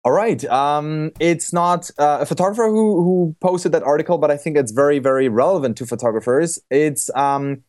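A man's voice: on the high side, moderate pace, few pauses, darkish tone. A young man talking casually on a podcast about photography, loose and rambling, with lots of restarts and fillers.

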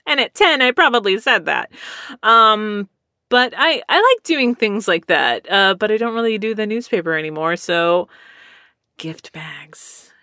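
A woman's voice: mid-range voice, lively intonation, normal speed, bright, forceful tone, no echo, studio quality. A woman with a lisp, chatting casually and rambling as a streamer reads out viewer comments, laughing often. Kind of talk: casual chat.

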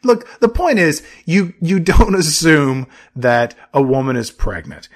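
A man's voice: fairly high pitch, measured pace. A man co-hosting a comedic movie podcast, recapping scenes and acting out the characters. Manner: animated storyteller, acts out characters. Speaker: podcast co-host.

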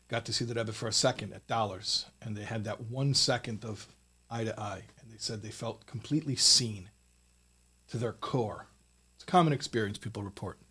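A man teaching a Torah lesson in a studio. He speaks emphatically, rises higher and louder to stress his points, and often repeats words as he teaches. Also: breathy edge. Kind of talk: recorded Torah talk with a closing blessing.

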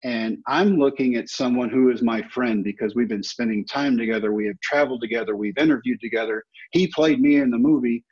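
A man in his fifties, a former ballplayer, telling animated stories as a podcast guest and acting out the quotes. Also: mid-range voice, brisk, hardly any pauses, breathy edge. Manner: animated anecdotes with acted-out quotes. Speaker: guest, former baseball player. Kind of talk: storytelling interview. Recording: dull lo-fi podcast audio.

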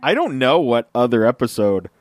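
A man's voice: mid-range voice, very animated, normal speed, no echo, studio quality. A man co-hosting a casual podcast, laughing often and making exasperated asides. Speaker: podcast co-host.

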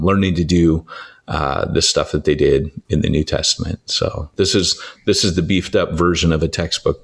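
Lively low-voiced man telling stories. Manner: animated storyteller, acts out quoted voices, frequent restarts. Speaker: church planting author and guest. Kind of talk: conversational teaching.

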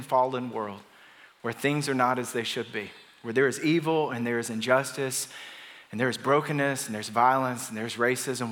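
A man's voice: medium pitch, a bit bright. A middle-aged man, a pastor, preaching a sermon in a conversational storytelling way that builds to emphatic declarations. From Atlanta area, US. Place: large church auditorium. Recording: long reverb of a large church hall.

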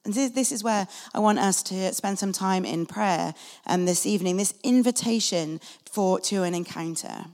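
A woman's voice: medium pitch, normal speed, a little mellow. A woman preaching a sermon in an earnest, conversational way, acting out short quotes, recorded in a church hall. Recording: long reverb of a large hall.

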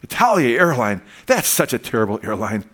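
A man's voice: medium pitch, sing-song, a little fast, a bit bright, slightly rough. A gloomy, pessimistic barber who runs down every plan with a sneer, put on by a man telling a joke. He sounds scornful and dismissive. His voice sits close to the teller's own.

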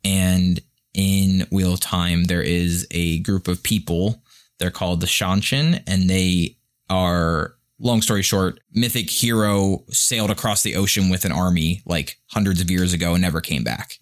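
A man co-hosting a podcast in casual chat, rambling with lots of fillers, a little profane and quick to chuckle. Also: sits low, steady tone. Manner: profane and playful. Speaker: podcast co-host.

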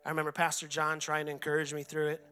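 Preaching in a church sanctuary, a forties-aged male pastor earnestly tells his own story, reenacting his anguished shouting prayers. His voice is a little high, smooth and monotone, and he talks fast as faint music plays behind him.

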